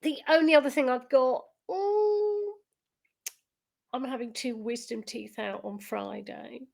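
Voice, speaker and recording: A woman's voice: high-pitched, a little slow, gravelly. A woman with a southern English accent, co-hosting a podcast in giggly, chatty conversation. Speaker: podcast co-host. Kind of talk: casual chat.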